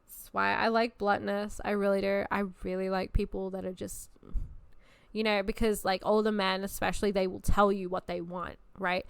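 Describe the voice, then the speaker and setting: Blunt, bright-voiced young woman. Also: mid-range voice, normal speed, gravelly, clear, resonant tone, no room sound, studio quality. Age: 20s. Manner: blunt, profane and animated. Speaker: podcast host. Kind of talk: casual chat.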